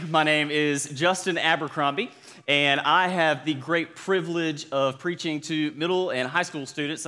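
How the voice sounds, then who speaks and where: Upbeat Southern young pastor, reverberant church. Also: male voice, a little high, pushed and bright. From South Georgia, USA. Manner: upbeat, calls to the congregation. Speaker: student pastor. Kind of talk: sermon. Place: church sanctuary.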